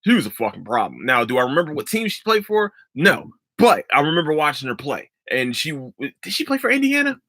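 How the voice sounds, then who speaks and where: A man hosting a casual sports podcast, giving emphatic, profane opinions in an animated way. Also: on the high side, fairly quick, hardly any pauses, no room sound. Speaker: podcast host.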